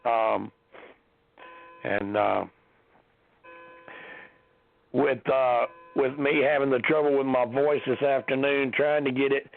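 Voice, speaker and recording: A hoarse man with a sinus infection, hosting a casual call-in podcast and rambling with many ums and restarts. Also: medium pitch, fairly even intonation, takes it slowly, long pauses. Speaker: podcast host. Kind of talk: casual call-in show chat. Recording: tinny phone-line audio.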